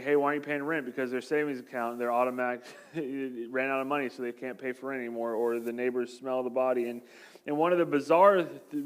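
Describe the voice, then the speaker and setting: A male pastor giving a sermon in a church, at an ordinary middle pitch. He talks loosely and conversationally, with jokes, and acts out the voices of the people he quotes. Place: church sanctuary.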